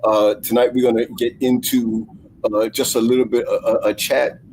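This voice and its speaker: Male host on a video call, chatty and laughing, stammers and restarts, mid-pitched voice, faint ambient noise under the talk. His tone is casual and friendly, and the call audio is plain. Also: level tone, normal speed, a little mellow, low-quality recording. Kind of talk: casual livestream chat.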